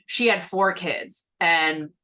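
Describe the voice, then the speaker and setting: A woman's voice: fairly low pitch, slow, bright, forceful tone. A woman hosting a casual conversation over a video call, speaking in a chatty, reassuring way with many fillers. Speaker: host.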